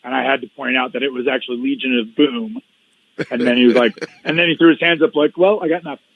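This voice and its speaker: A man's voice: medium pitch, fairly even intonation, fast, vocal fry, no echo. Middle-aged male guest, dull lo-fi sound. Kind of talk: casual storytelling in an interview.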